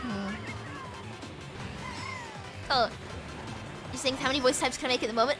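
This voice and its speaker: British woman gamer streaming from home, high lively voice, giggly rambler, game music playing behind. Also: moderate pace, pauses often. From Britain. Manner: bubbly, rambling, giggly, lots of fillers. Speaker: VTuber streamer. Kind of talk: casual livestream chat while gaming.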